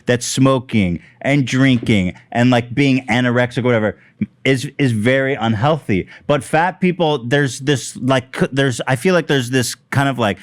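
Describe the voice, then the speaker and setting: A young man hosting a podcast in a heated casual debate, halting and restarting often, swearing playfully. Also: medium pitch. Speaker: podcast host.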